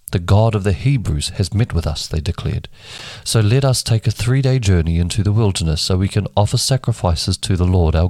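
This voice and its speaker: This is a man's low, slightly mellow voice with no room sound. He voices each character separately while reading scripture aloud for a daily Bible podcast, and his home mic keeps dropping.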